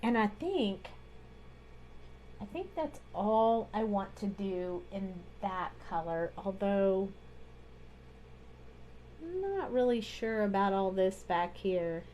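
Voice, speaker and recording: A woman's voice: medium pitch, sing-song, takes it slowly, pauses often, dark tone, slight background noise. A woman hosting a live card-making tutorial, chatting casually as she talks through each coloring step at her craft desk.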